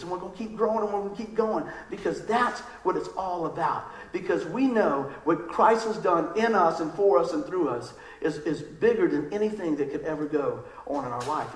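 Lively high-voiced preacher in an echoey church. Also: male voice, slight background noise. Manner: lively, conversational preaching with acted-out quotes. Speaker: pastor. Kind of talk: sermon. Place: church sanctuary.

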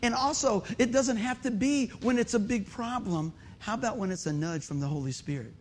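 A pastor delivers a storytelling sermon in a noticeably high male voice. He punctuates the tale with shouted sound effects and keeps turning to the congregation with questions. A faint hum of noise sits underneath. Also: fairly quick.

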